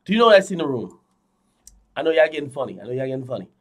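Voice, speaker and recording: A young man streaming, telling a dream to his viewers in a casual, animated way, swinging from loud to hushed, repeating phrases and swearing a lot. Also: medium pitch, racing. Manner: frequent fillers and profanity. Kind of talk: casual storytelling to a live audience.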